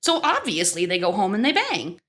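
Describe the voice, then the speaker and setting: Woman, 30s, podcast co-host: bright tone, casual, animated storyteller who acts out the lines she quotes. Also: mid-range voice, a little fast. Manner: lively storyteller, swears freely, acts out the characters' lines. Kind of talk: casual chat recapping an episode.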